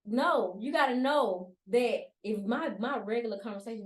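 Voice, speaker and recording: Woman on a podcast, kinda high voice, acts out examples, echoey room. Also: normal speed. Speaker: podcast co-host. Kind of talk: casual chat.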